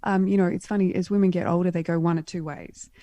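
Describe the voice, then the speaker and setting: A middle-aged woman talking as a podcast guest, telling lively, emphatic stories with frequent restarts in a casual interview. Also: fairly low pitch, fast talker, dry recording. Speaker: podcast guest, clothing stylist.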